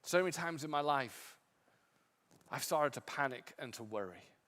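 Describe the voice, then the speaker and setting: A male pastor preaching a sermon with impassioned emphasis, swinging from strong peaks to quiet, low passages. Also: animated, normal speed, big-room sound. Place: church sanctuary.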